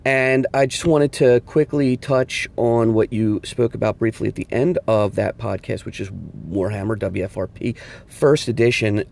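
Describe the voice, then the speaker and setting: A man's voice: lowish voice, moderate pace, gravelly, a little mellow, slight background noise. A man leaving a casual, enthusiastic voicemail call-in to a podcast. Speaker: caller.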